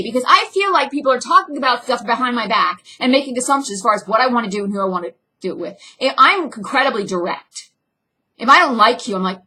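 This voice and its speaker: A young woman with a husky but bright, forceful voice delivers a blunt, intense personal vlog monologue. Her loudness swings suddenly between hard, raised lines and quiet ones. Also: on the high side, animated, fairly quick. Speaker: actress and filmmaker.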